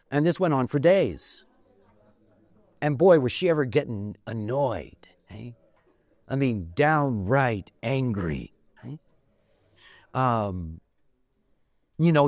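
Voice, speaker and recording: A man with a medium-pitched voice, a teacher of a spiritual system, gives a conversational lecture that drifts into stories, packed with fillers and asides. The recording is dry.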